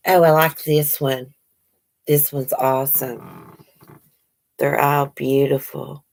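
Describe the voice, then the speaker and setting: A woman's voice: very deep voice, little pitch movement, slow pace, gravelly, pauses often, a little mellow, poor audio. A woman chatting casually to her viewers at home, gushing and apologetic. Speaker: vlogger opening mail. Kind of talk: casual chat to camera. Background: dogs barking now and then.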